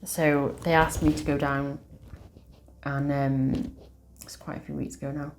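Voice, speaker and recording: Speaking low and with little pitch movement, this woman runs a tarot channel. She tells the camera a personal story gently, slowly, and from the heart.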